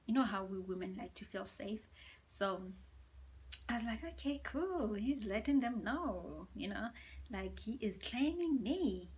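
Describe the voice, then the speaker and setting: A woman tells a storytime vlog at home, in a hushed, half-whispered, gossipy way. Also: mid-range voice, expressive, measured pace. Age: 30s. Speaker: vlogger. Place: indoors at home.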